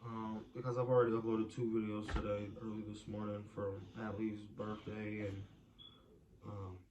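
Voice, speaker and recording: A young father with a low voice talks slowly and wearily into his camera late at night. The talk rambles with soft pauses and fillers. Audible noise sits under the home recording. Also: monotone. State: exhausted, tired. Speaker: video diary host. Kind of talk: casual video diary.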